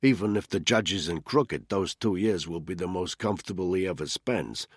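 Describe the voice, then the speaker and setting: A man voicing a cool, aloof male intelligence handler in an audiobook, measured and curt with a lecturing tone and a husky voice. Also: low voice, no echo, clean studio sound.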